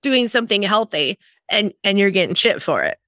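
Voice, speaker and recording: A woman's voice: medium pitch, big pitch swings, a little fast, sharp tone, no echo, studio quality. A woman hosting a podcast in casual chat, chatty and emphatic with sympathetic interjections. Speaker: podcast host.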